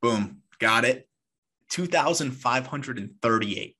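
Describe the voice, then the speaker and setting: A man's voice: medium pitch, animated, takes it slowly, bright, forceful tone, breathy edge. A man hosting a podcast, chatting casually, laughing easily and quizzing his guest. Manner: laughs easily, asks quiz questions. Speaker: podcast host.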